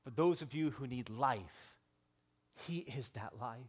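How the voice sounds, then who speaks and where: A pastor in his thirties delivers a sermon in a mid-range voice. He moves between loud, excited appeals and quiet, emotional storytelling, stumbling and restarting now and then.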